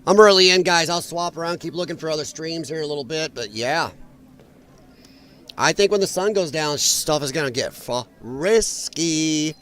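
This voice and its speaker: A man's voice: on the high side, moderate pace, fairly bright tone. A man hosting a live stream, commenting on protest footage in a blunt, mocking and profane way, rambling with frequent restarts. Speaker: livestream commentator.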